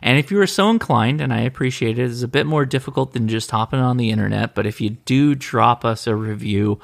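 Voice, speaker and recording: Podcast co-host, male, gravelly tone, easygoing chat that circles and backtracks. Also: medium pitch, fairly quick. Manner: rambling, self-correcting. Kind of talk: casual chat.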